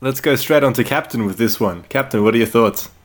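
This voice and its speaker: A man's voice: medium pitch, brisk. Upbeat man hosting a music podcast. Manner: upbeat, moves the show along. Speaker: podcast host. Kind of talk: casual music discussion.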